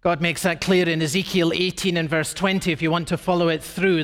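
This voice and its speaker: A man preaching a sermon emphatically, with dramatic shifts in pace and pitch. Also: level tone, a little fast, a bit bright. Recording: long reverb of a large hall.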